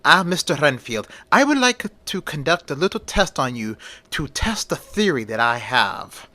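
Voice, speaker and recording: A man voicing a learned old male professor who hunts vampires, explaining things in a measured way. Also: a little high, big pitch swings, sharp tone.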